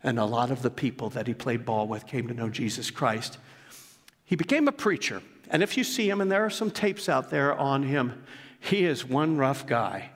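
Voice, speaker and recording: A man's voice: mid-range voice, normal speed, big-room sound. A male pastor delivering a sermon in an earnest, emphatic way, mixing scripture with personal stories. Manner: earnest, emphatic preaching with storytelling asides.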